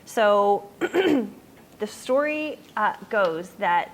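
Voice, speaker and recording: A chatty young woman speaking to a youth group in a relaxed, informal way. Her voice sits at a medium pitch and is full of fillers and side tangents. Faint room sound stays behind her. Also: drawn-out words, a little hiss or hum, poor audio. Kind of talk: casual youth sermon.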